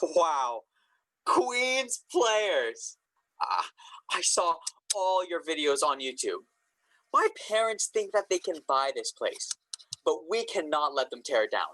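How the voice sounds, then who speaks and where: An actor playing a rebellious young adult in an amateur comedy sketch, with a sarcastic deadpan. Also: medium pitch, slow, no room sound. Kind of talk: amateur comedy sketch over video call.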